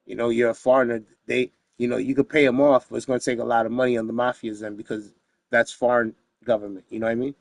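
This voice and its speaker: A man from the United States speaks as an interview guest, spinning a long personal story in a loose, streetwise way. He swears freely and keeps asking his listener "you know what I mean?" His voice sits at a middling pitch, and the recording is dry and close with almost no room sound. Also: little pitch movement, quick pace, gravelly, no echo. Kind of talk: casual storytelling.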